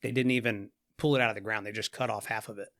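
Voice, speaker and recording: A man's voice: fairly low pitch, steady tone, quick pace, a bit bright. A man guest on a podcast, telling a story in a rambling casual way, full of fillers and swearing. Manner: rambling, profanity-laced, full of "like" and "you know".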